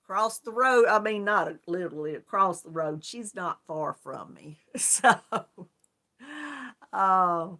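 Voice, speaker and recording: A woman's voice: on the low side, slow, sharp tone. A woman hosting a casual live-stream chat, greeting viewers one by one and laughing often. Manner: chatty, friendly, laughs often. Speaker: yarn crafts channel host.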